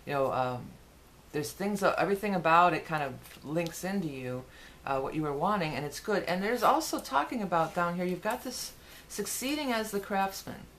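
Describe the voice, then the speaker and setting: Woman tarot reader, deep voice, chatty and rambling, faint hiss behind. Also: expressive, moderate pace, a bit bright. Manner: chatty, rambling, with many fillers and restarts. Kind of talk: casual monthly tarot forecast.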